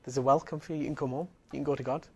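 A man's voice: medium pitch, steady tone, racing, a little mellow, husky. A man preaching a sermon, his voice sitting in an ordinary middle register. He speaks earnestly and emphatically. He hammers his points home through repetition.

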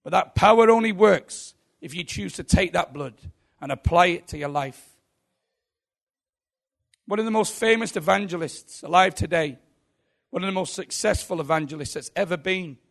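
A man's voice: high voice, moderate pace, gravelly. A man preaching a sermon with emphatic, rhythmic repetition.

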